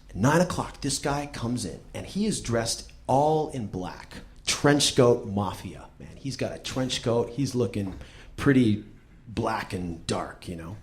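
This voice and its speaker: A man hosting a show, telling a comic story in a profane, animated way and acting out the people in it. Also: mid-range voice. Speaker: host. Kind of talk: comic spoken-word storytelling.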